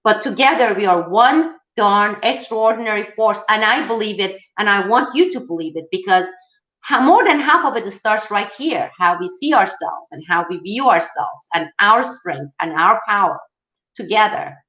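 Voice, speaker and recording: A woman's voice: medium pitch, moderate pace. Rallying woman host, echoey room. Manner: emphatic, animated, rallying. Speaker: host of a political video channel. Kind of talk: live-style viewer Q&A.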